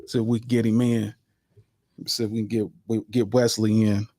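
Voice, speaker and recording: A man's voice: lowish voice, flat delivery, normal speed, dark tone, no room sound. Laid-back male podcast host, dry sound. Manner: laid-back, repeats phrases, addresses listeners as y'all. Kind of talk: casual sports chat, live stream.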